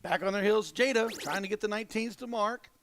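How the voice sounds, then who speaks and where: A man doing live darts commentary, excitable and animated in his play-by-play. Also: high-pitched, a little fast, noisy background.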